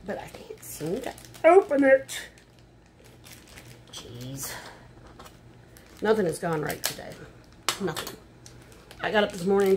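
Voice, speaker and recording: A woman's voice: mid-range voice, a little mellow, slight background noise. An older woman chatting casually at home while she unboxes a shopping haul, muttering asides and getting frustrated. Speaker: haul vlogger. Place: home room.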